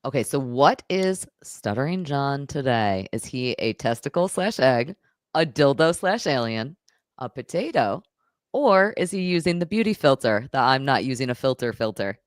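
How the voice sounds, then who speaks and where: A woman with a low voice hosts a live stream and runs a guessing game for the chat. Her pitch moves up and down a lot, and her tone is sarcastic and playful. The sound is dry and close to the mic. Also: sing-song, moderate pace, no room sound. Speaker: host.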